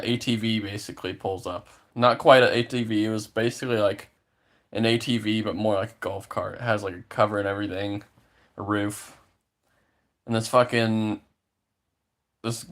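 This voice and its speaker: Young man, lowish voice, rambling storytime rant full of swearing and fillers.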